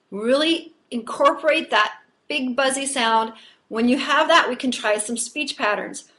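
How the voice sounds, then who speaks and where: Woman voice coach, high register, chatty explanatory delivery, for a singing tutorial. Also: lively intonation, moderate pace, a bit bright. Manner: explanatory, conversational teaching. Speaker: voice teacher. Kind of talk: vocal technique lesson.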